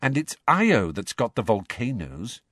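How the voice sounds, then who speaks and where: A woman's voice: very deep voice, big pitch swings, measured pace, slightly rough, no echo, clean studio sound, exaggerated voice. A man voicing a clever, bossy schoolgirl witch who talks in an eager, precise, correcting way.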